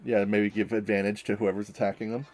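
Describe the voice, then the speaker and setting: A man playing a tabletop game, thinking out loud with hesitant restarts. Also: fairly low pitch, little pitch movement, fast talker. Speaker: player. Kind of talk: casual tabletop game chat.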